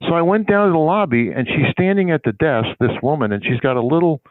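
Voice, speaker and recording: A man's voice: fairly high pitch, expressive, fast, no echo. An older man, a guest on a sports public relations interview, tells a long anecdote in a rambling, conversational way and acts out the people in his story. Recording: tinny phone-line audio, dry.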